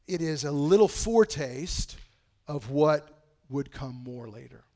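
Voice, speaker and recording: A man preaching a sermon in a conversational way, dropping to a hush and then rising to loud, emphatic bursts. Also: fairly high pitch. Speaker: pastor.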